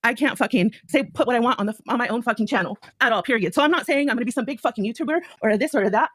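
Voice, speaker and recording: A woman's voice: a little high, racing, a bit bright, dry recording. A woman in a heated livestream call argument, ranting with constant profanity. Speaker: community member on a stream call.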